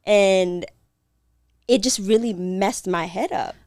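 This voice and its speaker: A woman's voice: medium pitch, measured pace, a little mellow. A woman co-hosting a podcast, speaking thoughtfully and confessionally with easy laughs. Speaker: podcast co-host. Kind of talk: candid podcast conversation.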